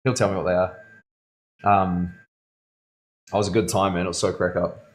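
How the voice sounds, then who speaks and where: Laid-back, low-voiced man chatting on a live stream. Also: flat delivery, normal speed. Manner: laid-back and rambling, calls viewers bro, laughs often. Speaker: tattoo artist streaming live. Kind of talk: casual live-stream chat while working. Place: tattoo studio.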